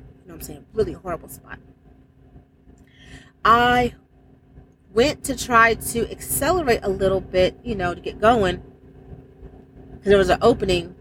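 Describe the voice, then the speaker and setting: A woman's voice: medium pitch, a bit bright, a little hiss or hum, low-quality recording. A woman, a truck driver, telling a personal faith story in casual, emphatic speech with exclamations. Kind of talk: casual spoken testimony.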